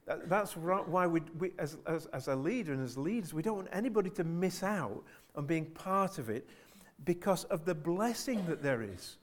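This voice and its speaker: A man's voice: a little high, expressive, normal speed, hardly any pauses. A man preaching a sermon to his church in an earnest way, often repeating phrases and asking the congregation rhetorical questions.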